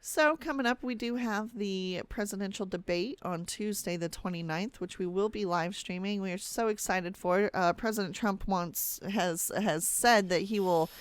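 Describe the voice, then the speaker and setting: A woman's voice: mid-range voice, moderate pace, few pauses, clean tone, dry recording. A woman co-hosting a podcast, giving chatty, opinionated news commentary in a casual conversation. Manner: chatty, opinionated, talks through things. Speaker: podcast co-host.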